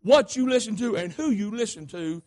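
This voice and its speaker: A preacher with a strikingly high voice delivers a fervent sermon. He repeats his phrases, calls out to the church for responses, and leaps from shouted lines down to soft, hushed asides. His melody rises and falls constantly. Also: lively intonation, moderate pace. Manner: emphatic, repetitive, call-and-response.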